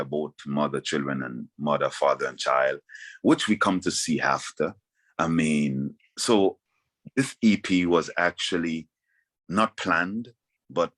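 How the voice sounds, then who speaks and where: A man's voice: low-pitched, fairly bright tone. A Vincentian man, a reggae artist, talking passionately in an interview and firing off rhetorical questions. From Saint Vincent and the Grenadines.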